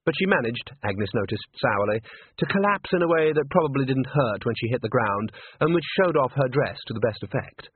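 Husky guy reading a story aloud, lots of pitch swing, dry and tinny like a phone. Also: a little fast, dry recording. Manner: lively, expressive reading. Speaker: audiobook narrator. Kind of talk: scripted narration.

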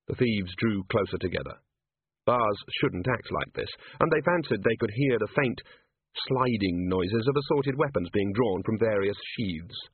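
Male audiobook narrator, husky voice, lively pitch, dry tinny phone-like recording. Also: a little slow, no echo. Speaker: audiobook reader. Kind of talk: scripted narration.

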